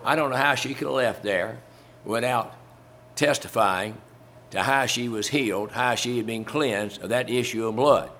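A man's voice: mid-range voice, normal speed, a bit bright, slight background noise. Man preaching in a folksy, conversational way. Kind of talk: sermon.

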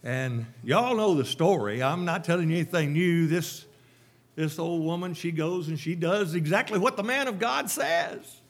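A man's voice: fairly high pitch, moderate pace. A man preaching a sermon, emphatic and repetitive, with rhetorical questions to the congregation.

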